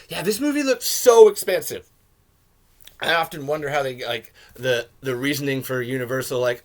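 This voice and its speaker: A man hosting a podcast, giving a rambling, casual film commentary with swearing and sudden shouted jokes. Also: mid-range voice, expressive, fairly quick. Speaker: podcast host reviewing a film.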